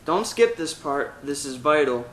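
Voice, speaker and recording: In a slightly high, animated voice, a man unhurriedly guides students through vocal exercises one step at a time, loudly singing vowels and meowing to demonstrate. The rough audio sounds roomy, with slight background noise.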